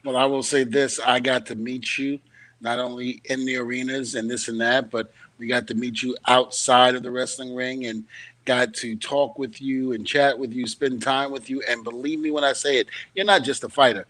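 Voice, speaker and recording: A man hosting a casual interview, telling stories in an animated, emphatic way. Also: medium pitch, moderate pace, dry recording. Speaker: host.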